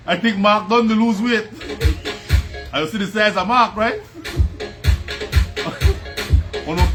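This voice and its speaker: A man with a Belizean Creole accent hosting a casual livestream, chatting, laughing often and greeting viewers by name. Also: sits high. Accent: Belizean Creole English. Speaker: livestream host. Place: at home. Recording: music playing behind.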